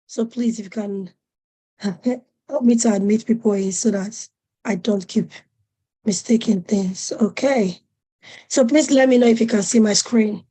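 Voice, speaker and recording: A woman's voice: medium pitch, a little slow, warm tone. A woman in her forties presenting an online webinar over a video call, chatty and a little flustered and apologetic.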